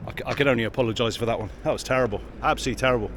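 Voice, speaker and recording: A man's voice: mid-range voice, rapid-fire, few pauses. A man vlogging about cycling while he rides outdoors, talking in a grumpy, wry and self-mocking way. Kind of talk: casual vlog talk while riding. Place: outdoors on a bike on the road. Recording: loud road and wind noise.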